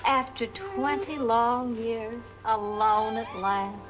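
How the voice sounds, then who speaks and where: A woman's voice: a little high, slow, over music, low-quality recording. A fluttery, wistful middle-aged woman. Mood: giddy. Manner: fluttery, wistful, talking to an unseen husband. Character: dithery middle-aged woman dreaming of lost honeymoon. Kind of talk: 1940s film comedy acting.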